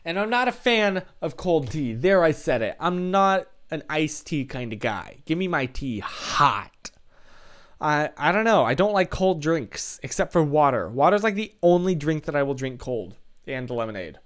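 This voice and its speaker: A man's voice: fairly high pitch, sing-song, normal speed, a bit bright. A young man live streaming from his room, chatting casually with his viewers in a rambling, self-deprecating way and laughing often. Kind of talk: casual chat with live chat readers.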